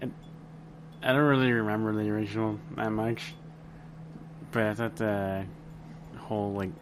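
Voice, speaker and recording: A man's voice: fairly low pitch, little pitch movement, normal speed, background noise. A man co-hosting a podcast in casual chat, laid-back and joking. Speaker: podcast co-host.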